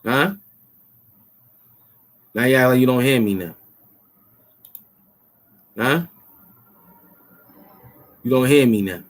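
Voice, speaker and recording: A man's voice: mid-range voice, drawn-out words, long pauses. A man hosting his own channel, taunting and repeating himself as he demands money he says he is owed. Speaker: YouTube show host. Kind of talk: confrontational rant to camera.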